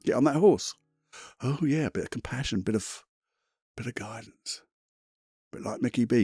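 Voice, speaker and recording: A man's voice: medium pitch, normal speed, pauses often, warm tone, slightly rough, no room sound, studio quality, faint music behind. A man hosting a self-help podcast, talking in a blunt, chatty, motivational way with the odd mild swear. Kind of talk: casual motivational monologue.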